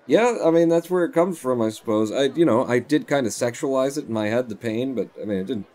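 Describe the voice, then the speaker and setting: A man's voice: mid-range voice, fairly quick, darkish tone. A man chatting casually on a live stream at home, rambling as he tells stories while playing.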